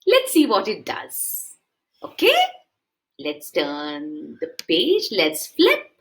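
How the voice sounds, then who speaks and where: A woman's voice: lowish voice, takes it slowly, poor audio. A woman preschool teacher reading a picture book aloud to young children, often asking them questions. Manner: animated, asks the children questions.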